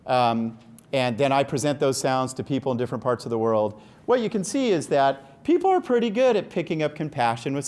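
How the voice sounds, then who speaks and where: A man's voice: medium pitch, darkish tone. A middle-aged man giving an enthusiastic, joking science lecture and quizzing the audience. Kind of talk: lively scientific talk. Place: lecture room.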